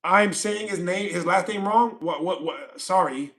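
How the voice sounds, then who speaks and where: A man's voice: sits high, a little slow, a bit bright. A man from California hosting a livestream, chatting casually and reading viewer comments aloud, rambling and repeating himself with frequent laughs. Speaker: livestream host.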